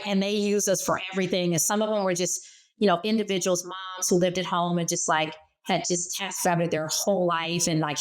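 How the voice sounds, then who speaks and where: A middle-aged woman speaking as a guest in an interview, telling lively personal stories from her working life. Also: lowish voice. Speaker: guest, former startup CEO. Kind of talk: conversational interview.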